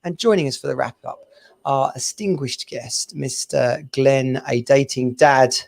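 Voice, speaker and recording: A man's voice: mid-range voice, measured pace, vocal fry, a little mellow. A man from England hosting a podcast over a video call, chatting in a bouncy, laughing way. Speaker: podcast host. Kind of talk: casual chat.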